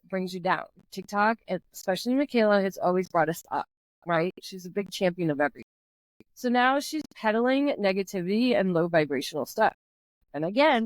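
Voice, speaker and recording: A woman's voice: on the high side, no room sound. A middle-aged woman hosting a podcast, chatting casually and ranting bluntly with strong opinions. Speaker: podcast host. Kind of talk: casual chat.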